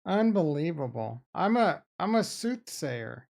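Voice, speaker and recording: A man's voice: a little high, measured pace, creaky. A man casually rambling through his trading day as host, joking and talking to his chat. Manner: rambling, jokey, talks to chat, sudden excited outbursts. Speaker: crypto trading streamer. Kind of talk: casual rambling market commentary.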